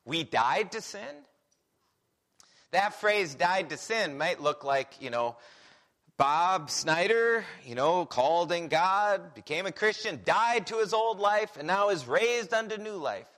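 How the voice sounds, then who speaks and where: A man preaching a sermon on a Bible passage, animated and full of rhetorical questions. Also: sits high, unhurried.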